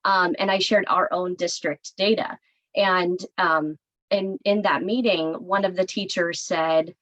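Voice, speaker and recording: A woman's voice: on the low side, steady tone, a little slow, a bit bright, low-quality recording. Earnest woman district administrator. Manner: earnest, many "um"s, gets emotional. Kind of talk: panel discussion on a video call.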